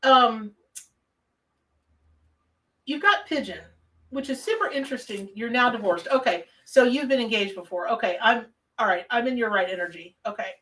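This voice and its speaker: A woman's voice: fairly high pitch, lively intonation, moderate pace, sharp tone, far from the mic, slight background noise, rough recording. A woman from the American South with a Southern accent, hosting a live tarot reading and chatting casually with viewers as she reads their comments. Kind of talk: live-stream chat and reading.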